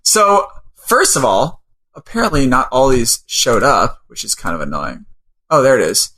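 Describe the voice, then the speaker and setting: A man's voice: medium pitch, huge pitch swings, normal speed, bright, forceful tone. A man co-hosting a comics podcast in casual, chatty talk, laughing often. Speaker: podcast co-host. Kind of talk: casual chat.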